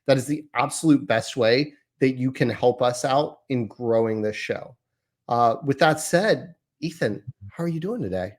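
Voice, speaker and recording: A man's voice: medium pitch, normal speed. A man in his thirties hosting a casual podcast, talking in a chatty, rambling, self-deprecating way. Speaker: podcast host.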